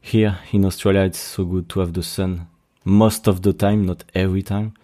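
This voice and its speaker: Young French-accented podcast host, low pitch, halting casual delivery. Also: male voice, level tone, warm tone. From Brittany, France. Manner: hesitant, many restarts and fillers. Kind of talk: casual solo podcast monologue.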